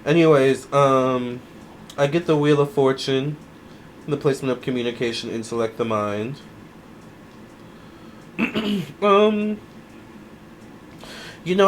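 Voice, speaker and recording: A man doing a casual tarot reading to camera, musing aloud in an unhurried way with many fillers. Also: medium pitch, animated, a little hiss or hum. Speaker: tarot reader.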